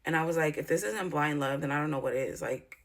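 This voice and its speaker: Woman vlogger, lowish voice, blunt and profane, rambling storyteller with emphatic outbursts. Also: quick pace, slight background noise. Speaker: YouTuber. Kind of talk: candid storytime vlog.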